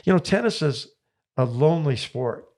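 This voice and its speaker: A man's voice: a little high, animated, normal speed, a little mellow. A man, a tennis coach telling stories in an interview with enthusiastic, repetitive rallying phrases. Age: 70s. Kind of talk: interview guest storytelling.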